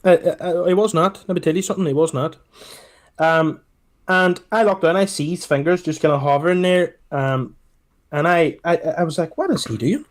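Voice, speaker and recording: A man with a Scottish accent, co-hosting a podcast and telling a travel story in casual, animated chat that is peppered with swearing. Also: on the high side, moderate pace. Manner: animated storyteller, swears, repeats "let me tell you something". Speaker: podcast co-host.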